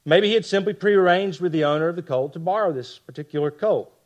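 A man preaching a sermon with passion, dropping to hushed lines for emphasis and tossing rhetorical asides to the congregation. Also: sits high, fast, highs cut off. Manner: impassioned, swings from loud emphasis to hushed lines. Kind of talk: expository sermon.

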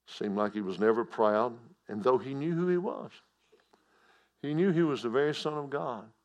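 A man preaching a sermon in a folksy, repetitive way, swinging from hushed asides to loud declarations. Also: medium pitch, normal speed, dull audio.

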